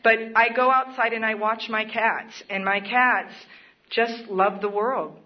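A woman's voice: fairly high pitch, steady tone, a little slow. A woman speaking at a recovery meeting, sharing her own story in an earnest, plainspoken way with occasional laughs. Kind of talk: personal testimony at a support meeting. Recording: dull lo-fi recording.

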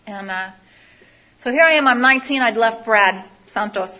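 A woman relates her life and recovery to an audience as a personal testimony, candid and confessional, frequently repeating phrases. She speaks at normal speed in a high-leaning voice, and the audio is dull.

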